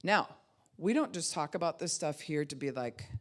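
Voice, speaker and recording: Animated woman pastor, loud to soft. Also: low voice, moderate pace. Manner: animated, swings from loud to soft, acts out quoted voices. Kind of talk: conversational teaching sermon.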